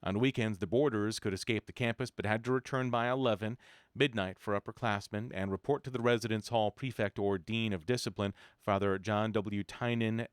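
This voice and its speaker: Male reader, low-ish voice, steady measured book reading, dry close sound. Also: no room sound. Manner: measured, even reading with occasional self-corrections. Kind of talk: reading a biography aloud.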